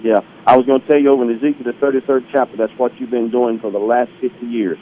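A man who is a pastor, calling in to a radio show, brisk and matter-of-fact. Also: mid-range voice, fairly even intonation. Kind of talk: phone call to a radio show. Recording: lo-fi phone line.

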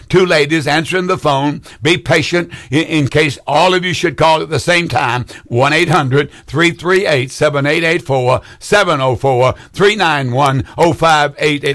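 A man's voice: on the high side, a bit bright. Fervent seventy-something man preaching. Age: 70s. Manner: fervent, repeats phrases for emphasis, calls out hallelujahs. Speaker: preacher hosting a call-in program. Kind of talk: call-in preaching.

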